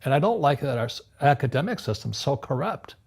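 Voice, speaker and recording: A man in his seventies from Hawaii, a guest in an interview, telling animated stories with frequent restarts and repeated words. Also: medium pitch, brisk, breathy edge. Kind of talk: storytelling conversation. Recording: music playing underneath.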